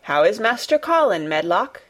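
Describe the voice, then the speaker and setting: Woman reading a troubled gentleman, quiet. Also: mid-range voice, sing-song, normal speed. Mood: anxious. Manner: quiet, troubled, brooding questions. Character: anxious middle-aged man, master of a great house. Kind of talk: audiobook character reading.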